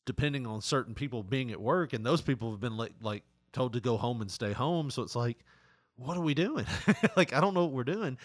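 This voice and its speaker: A man's voice: medium pitch, dry recording, studio quality. A man, co-hosting a casual chat show, rambling and crude, often laughing. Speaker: podcast co-host.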